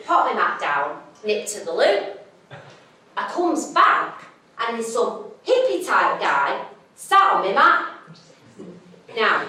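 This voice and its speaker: A young Mancunian woman from Manchester, England tells a comic story on a theatre stage, blunt, sweary and self-mocking. Her medium-pitched voice is pushed and bright. The sound is echoey, recorded from a distance in the theatre, with slight background noise.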